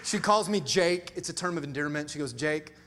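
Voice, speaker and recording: A middle-aged male pastor preaching a sermon with call-and-response asides and sudden swings from quiet to loud. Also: fairly high pitch, brisk, a crowd in the background, background noise. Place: large church hall. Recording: reverberant church hall with music.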